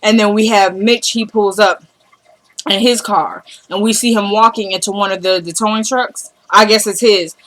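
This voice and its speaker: A young woman vlogger recapping a TV episode in an excited, breathless way, talking to her viewers as y'all and acting out what the characters say. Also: mid-range voice, normal speed. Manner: animated, breathless, addresses viewers as y'all, acts out character dialogue.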